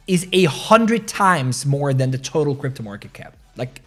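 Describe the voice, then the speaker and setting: Excitable rambling male crypto host. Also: medium pitch, moderate pace, hardly any pauses, faint music behind. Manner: rambling and excitable, reads social media posts aloud with laughs. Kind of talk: casual crypto market commentary.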